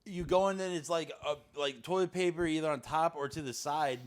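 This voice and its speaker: A young man co-hosting a podcast, telling crude, excitable stories in casual chat and laughing through the punchlines. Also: fairly high pitch, fairly quick. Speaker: podcast co-host.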